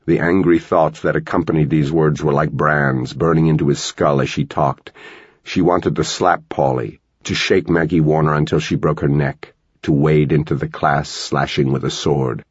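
A man reading a novel aloud as an audiobook narrator, with steady, measured storytelling. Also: very deep voice, husky, no room sound, lo-fi sound. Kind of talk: scripted narration.

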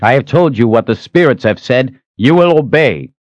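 A man voicing a defiant young male hero who wields magic, speaking forcefully and with measured threats. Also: medium pitch, animated, no room sound, voice pushed up, close to an everyday voice. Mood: commanding.

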